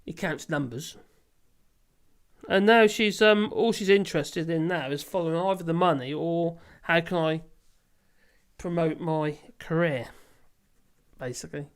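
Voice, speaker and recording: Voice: medium pitch, unhurried, pauses often. A casual livestream host, who rambles, laughs often and swears freely while reading viewer comments. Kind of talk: casual live chat.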